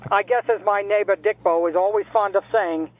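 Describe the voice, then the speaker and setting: A man's voice: sits high, steady tone, a little fast, muffled recording, natural voice. A man playing a grumpy retired caller from New Jersey, who rants sarcastically and trades insults in a comedic call-in bit. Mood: grumbling.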